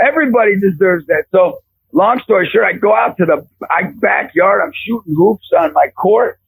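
Gravelly high-voiced animated preacher man. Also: moderate pace, dry recording, poor audio. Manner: animated storyteller acting out quotes with big pitch jumps. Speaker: preacher and youth basketball coach. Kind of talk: storytelling in a faith conversation.

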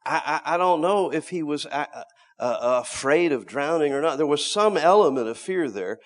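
A middle-aged man preaching a sermon, swinging between loud emphatic lines and hushed low asides, often repeating words as he restarts. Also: lively intonation, moderate pace.

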